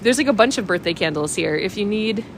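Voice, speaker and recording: A woman's voice: mid-range voice, expressive, quick pace, a little hiss or hum. A woman hosting a walking-tour livestream, chatting with viewers' comments, a bit sniffly from a cold. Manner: bubbly, chats with viewers' comments. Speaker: travel livestream host. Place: outdoors on a village street.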